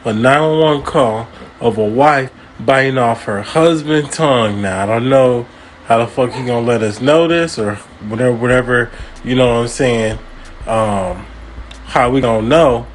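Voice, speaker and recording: A man's voice: mid-range voice, normal speed. Casual male reaction host, blunt and profane, incredulous, faint background noise.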